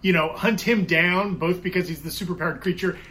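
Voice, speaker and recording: A man's voice: sits high, brisk, bright, forceful tone. A man, a show producer, talking through a theory in casual panel chat and often checking in with "right?". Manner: chatty, keeps adding "right?".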